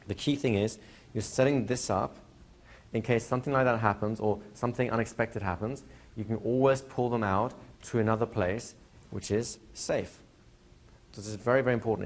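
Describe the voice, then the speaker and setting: A man teaching a hypnosis class to a live audience, talking in a relaxed way and slowing into soft hypnotic suggestions. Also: lowish voice. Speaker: hypnosis trainer. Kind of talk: live training lecture. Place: training room with a seated audience.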